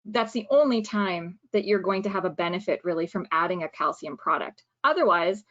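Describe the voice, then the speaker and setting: A woman's voice: fairly low pitch, fairly quick, a bit bright. A woman soil specialist presenting in an online webinar, explaining at length with fillers and self-corrections. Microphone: video call. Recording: dull lo-fi call audio.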